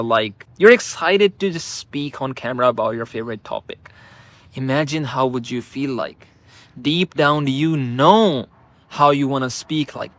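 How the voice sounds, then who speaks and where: A man coaching viewers on speaking to camera, talking slowly and deliberately in a relaxed, conversational way with emphatic rises. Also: medium pitch, no echo. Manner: slow, drawn-out, deliberate delivery with emphatic rises.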